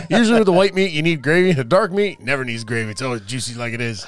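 Lively, joking man bantering. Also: medium pitch, a little fast. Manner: joking, laughs often, playful banter. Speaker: podcast co-host. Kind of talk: casual chat.

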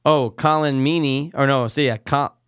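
A podcast co-host chats casually, rambling and letting sentences trail off midway. His mid-range voice is a bit bright and clean, with fairly even intonation and a moderate pace. The studio recording is clean with no echo.

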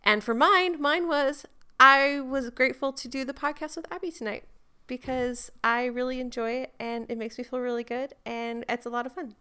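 Bright, clear-voiced woman podcast co-host. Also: sits high, fairly even intonation, moderate pace. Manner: warm, sincere, a little emotional. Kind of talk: casual podcast chat.

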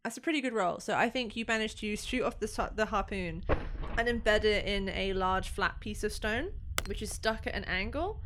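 A woman's voice: mid-range voice, normal speed, background noise. A woman narrating as game master of a tabletop role-playing game, in a loose, chatty way full of fillers.

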